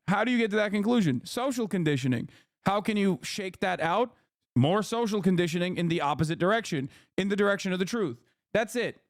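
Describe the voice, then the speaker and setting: A man's voice: sits high, dry recording, clean studio sound. A man commenting live on his stream, heated and profane, rambling through his points as he reacts. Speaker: livestream commentator. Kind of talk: casual political commentary.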